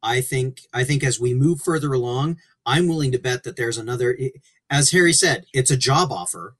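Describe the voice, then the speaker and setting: A man's voice: medium pitch, brisk, fairly bright tone. A man co-hosting a casual book-discussion podcast, speaking enthusiastically and stretching words for emphasis. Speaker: podcast co-host. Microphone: remote call mic.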